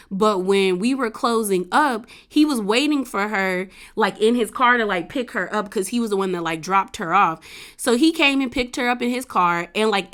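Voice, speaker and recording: A woman vlogger recaps a reality TV episode in a relaxed, conversational voice that sits at an ordinary mid pitch. She talks in a slangy way and tells the story with lots of animation. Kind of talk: casual recap commentary.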